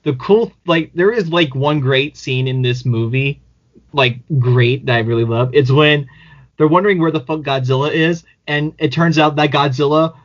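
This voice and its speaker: A man's voice: on the high side, normal speed. A man co-hosting a casual podcast, rambling with many fillers and laughing often. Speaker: podcast co-host. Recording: dull lo-fi audio.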